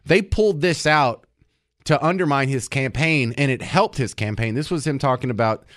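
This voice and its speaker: A man's voice: mid-range voice, normal speed, fairly bright tone, no room sound. Chatty man hosting talk radio, dry sound. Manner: chatty, opinionated, with restarts. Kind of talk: casual political commentary.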